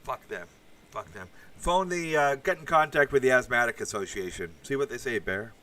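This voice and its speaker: The voice is a man's, fairly low, bright, and forceful, captured from a distance. Hosting a laid-back podcast livestream, he reads the live chat, drifting into rambling asides and occasional crude swearing.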